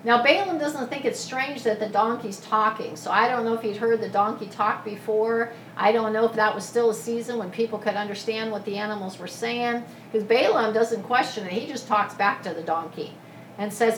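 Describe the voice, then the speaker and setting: A woman preaching a sermon, retelling a scripture story in a lively, casual way with asides. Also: a little high, moderate pace, a little hiss or hum. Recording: echoey room from a distance.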